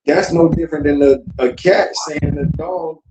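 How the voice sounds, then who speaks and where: A man's voice: a little high, fairly even intonation, unhurried. A man from South Florida hosting a casual livestream talk, lecturing bluntly and with profanity to his chat. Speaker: podcast host. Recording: echoey room with faint noise.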